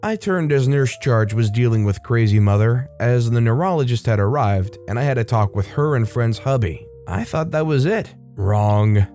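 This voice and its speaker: Male storyteller, steady reading, mid pitch. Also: normal speed, few pauses, soft background music. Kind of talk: scripted narration.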